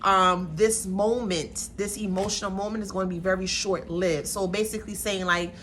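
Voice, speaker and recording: A woman's voice: medium pitch, fairly even intonation, moderate pace, a bit bright, a little hiss or hum. Sassy, chatty woman tarot reader. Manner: sassy, chatty, playful slang. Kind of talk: casual tarot reading vlog. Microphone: camera mic.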